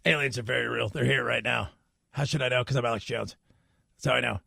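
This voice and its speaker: A man putting on a defensive, ranting conspiracy talk host in a low, gravelly voice. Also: fairly even intonation, fast, sharp tone, no echo, studio quality, full character voice.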